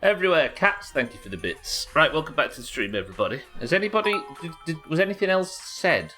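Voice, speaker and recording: A man commentating his game live, with an animated voice that swings up and down. He chats with viewers and muses aloud as he plays. Faint music sits behind him. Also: a little high, fast talker. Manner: chatty, thinks aloud and thanks viewers. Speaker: streamer.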